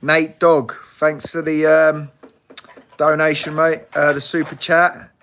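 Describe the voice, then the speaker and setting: A man's voice: fairly high pitch, little pitch movement, slow, a bit bright. A man hosting a casual live Q&A, blunt and swearing freely, laughing often. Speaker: livestream host.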